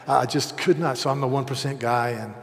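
Man in his 60s, pastor delivering a sermon, humorous self-deprecating storyteller with hushed asides and loud peaks, mid-pitched voice, long reverb of a church hall. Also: fairly even intonation, a little fast.

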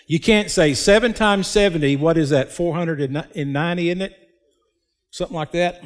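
A man preaching a sermon as a pastor, slow and emphatic, with dramatic pauses. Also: on the high side. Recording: long hall reverb.

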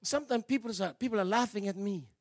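High, lively preacher man with gravelly edge. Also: fast, no echo, clean studio sound. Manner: animated, swings from quiet asides to shouting. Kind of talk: sermon.

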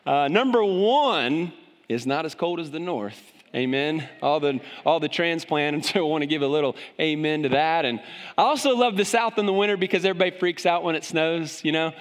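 A man preaching to a church congregation, telling folksy jokes and stories in a relaxed, humorous way. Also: a little high, moderate pace. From moved to Tennessee. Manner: joking, folksy storytelling. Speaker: pastor. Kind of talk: sermon. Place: church sanctuary. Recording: long hall reverb.

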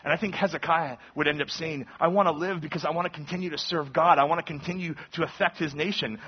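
A man's voice: fairly high pitch, fairly even intonation, fast, hardly any pauses, slightly rough. A man in his thirties, a pastor giving a conversational sermon that teaches from the Bible and acts out the lines he quotes. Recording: dull lo-fi sermon recording.

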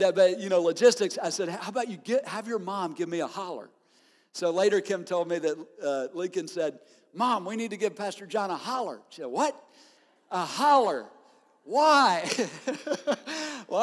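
A man preaching to his congregation, his slightly high voice rising with animated storytelling and frequent laughter. Long reverb trails his words through the sanctuary. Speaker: pastor. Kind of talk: sermon.

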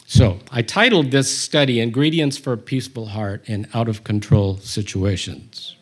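A man's voice: medium pitch, normal speed, breathy edge. A man teaching a Bible study, reading scripture aloud and commenting on it with humor.

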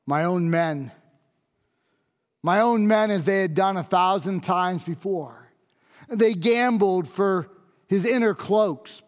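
A grave Roman centurion, voiced by a man, pours out his awe in a high, unhurried voice. He pleads and circles back on his own words for emphasis. The sound trails off in the long echo of a large hall. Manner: intense, pleading, repeats phrases for emphasis. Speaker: monologue performer. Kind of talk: dramatic first-person monologue.

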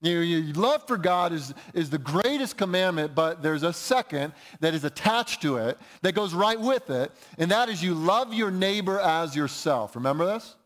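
Guy pastor, kinda high voice, casual sermon, restarts a lot. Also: expressive, normal speed, hardly any pauses, fairly bright tone. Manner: conversational, expository, with restarts and repeated phrases.

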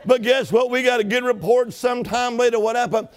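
Male preacher, very high pitch, emphatic sermon storytelling with call-and-response. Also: fairly even intonation, fairly quick, smooth.

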